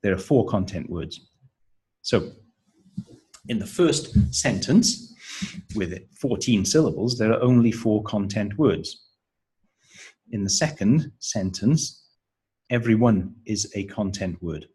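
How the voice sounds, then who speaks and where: A man leads a pronunciation lesson for teachers, speaking slowly and deliberately as he models intonation and counts out syllables. His voice sits fairly low and has a husky edge. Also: expressive, mellow, poor audio. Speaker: teacher trainer.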